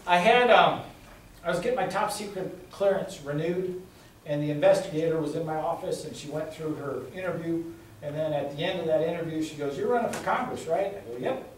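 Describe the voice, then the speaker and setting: A man's voice: a little high, fairly quick, slight background noise. A middle-aged man giving a campaign speech as a candidate, telling folksy stories and repeating his points for emphasis. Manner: folksy storytelling with emphatic repetition. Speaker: congressional candidate. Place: indoor meeting room. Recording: echoey room, recorded from far off.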